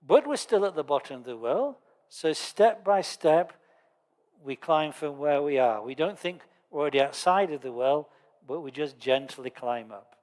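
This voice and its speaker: A man's voice: on the high side, expressive, normal speed, darkish tone. Male Buddhist teacher in a reverberant hall. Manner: conversational storyteller with dry humour. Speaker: Buddhist lama teaching a course. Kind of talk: Dharma teaching lecture.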